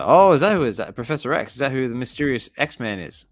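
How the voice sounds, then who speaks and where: A man reads a digital comic aloud at an easy pace, chatty and curious and thinking aloud as he goes. His voice sits at a middle pitch, recorded dry and close, with soft music playing behind him. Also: animated, fast talker, few pauses, dry recording. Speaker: comic reading channel host. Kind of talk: casual relaxed comic reading with commentary.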